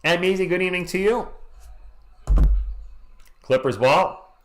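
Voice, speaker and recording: A hoarse man hosting a live stream, calling a game play by play in a casual way and greeting chat viewers between plays. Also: high voice, measured pace, a little hiss or hum. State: hoarse, losing his voice. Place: home at night.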